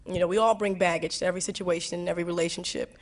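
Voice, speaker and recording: A woman's voice: fairly low pitch, little pitch movement, very fast. A woman in her twenties speaking candidly to a school audience, reflective and playful, with many restarts, laughs and acted asides. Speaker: guest speaker answering students.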